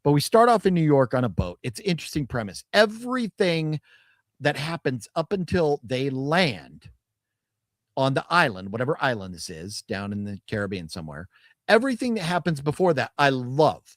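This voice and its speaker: A man's voice: mid-range voice, very animated, normal speed, dry recording, clean studio sound. A man co-hosting a podcast, chatting casually about a movie with rambling restarts and laughs. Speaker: podcast co-host. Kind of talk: casual movie review chat.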